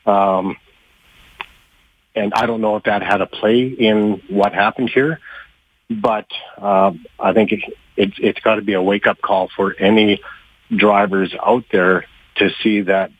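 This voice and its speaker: A man with a fairly low, husky voice answers interview questions over a dull, muffled line. He talks haltingly, stacking fillers and restarts, and sounds a little short of breath. The sound is close and dry, with no room around it. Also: steady tone, no echo. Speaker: trucking industry guest.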